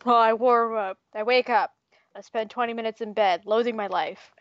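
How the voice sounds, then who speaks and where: A woman interviewing casually, teasing and giggling, with deadpan jokes. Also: fairly high pitch, moderate pace, dry recording. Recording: dry, dull lo-fi sound.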